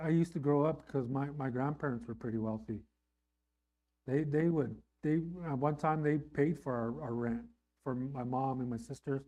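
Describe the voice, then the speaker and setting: A middle-aged man preaching a sermon in a conversational way, often asking "right?" and rising in pitch and volume on emphatic lines. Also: mellow. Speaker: pastor.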